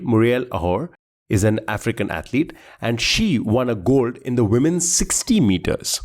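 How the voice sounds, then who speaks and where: A man's voice: lowish voice, expressive, normal speed, a little mellow. A man co-hosting a quiz podcast, chatting casually, rambling and laughing as he searches for words.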